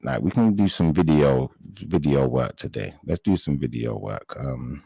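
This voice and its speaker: A man with a very deep, low voice hosts a live chat and speaks straight to his viewers. He sounds indignant and halting, often stopping to search for words. The recording is dry and close, with little sound of the room. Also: animated, vocal fry, warm tone, husky, no echo, low-quality recording. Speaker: live stream host.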